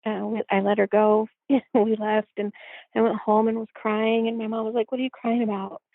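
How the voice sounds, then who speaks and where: A woman guest telling a personal story in a reflective way, filling pauses with "you know". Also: on the high side, completely flat delivery, gravelly, dry recording. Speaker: podcast guest. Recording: tinny phone-like line.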